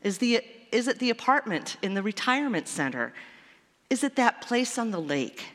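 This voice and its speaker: A woman's voice: a little high, sing-song, normal speed. A woman pastor preaching a sermon in a lyrical, repetitive, wondering way. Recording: long church reverb.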